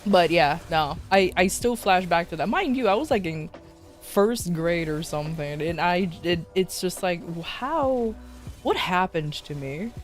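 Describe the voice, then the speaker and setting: A young woman streamer telling stories in a loose, animated way. She laughs often and fills her talk with "like". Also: fairly low pitch, normal speed. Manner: animated, laughing, many fillers. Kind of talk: casual storytelling to a live chat. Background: faint background music.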